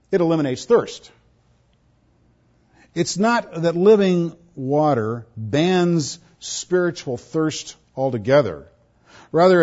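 A man's voice: a little high, darkish tone. A man preaching a sermon as a pastor, stressing points by repeating words. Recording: dull lo-fi recording.

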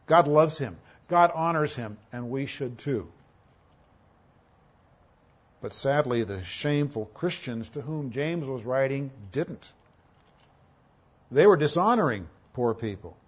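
A man preaching a sermon as a pastor, emphatic, with rhetorical questions and a delivery that swings between loud and soft. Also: mid-range voice, animated, measured pace, breathy edge, dull audio.

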